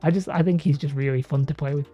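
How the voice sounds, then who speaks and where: A woman hosting a hobby livestream talks quickly in a low, steady voice, reading out viewer comments and rambling casually between laughs. Faint music runs under the dull lo-fi sound of the stream.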